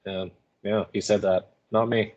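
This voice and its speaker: A man's voice: on the low side, flat delivery, darkish tone, highs cut off. A male student giving informal, explanatory commentary on a play he reads aloud for class. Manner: informal, explanatory, quick asides. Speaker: student reader. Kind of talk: casual literary commentary.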